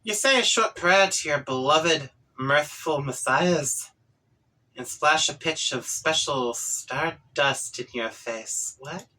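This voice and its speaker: A man reads a webcomic aloud with a relaxed, wry delivery. His voice is bright and his pace unhurried. Light asides slip in between the narration. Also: on the high side, rough recording. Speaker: webcomic reader. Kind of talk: reading a comic aloud.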